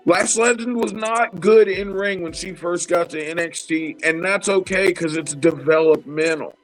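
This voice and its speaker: Animated, profane man talking wrestling. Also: sits high, normal speed, soft background music, rough recording. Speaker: podcast co-host. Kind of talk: casual wrestling chat.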